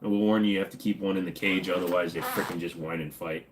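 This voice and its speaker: A man's voice: deep voice, steady tone, fast talker, background noise. A retired man from the United States, hosting a casual livestream, joking while reading chat aloud. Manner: joking, reading chat, slipping into silly voices. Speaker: livestream host.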